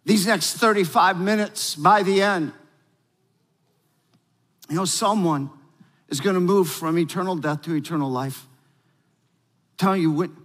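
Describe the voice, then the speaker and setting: Man, pastor, high voice, emphatic sermon, long hall reverb. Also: a little slow, pauses often. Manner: energetic, emphatic preaching with call-and-response.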